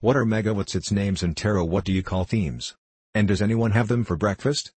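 Psammead, a man voicing a grumpy husky sand fairy. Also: lowish voice, fairly quick, a little mellow, no echo. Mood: cross. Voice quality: dry husky voice. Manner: cross, scornful and impatient. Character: grumpy ancient furry sand fairy, male. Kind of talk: storybook reading.

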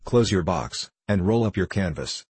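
A man reading the part of a scheming, smooth-talking bishop, calm and quietly persuasive. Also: deep voice, normal speed, no echo. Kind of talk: audiobook character voice.

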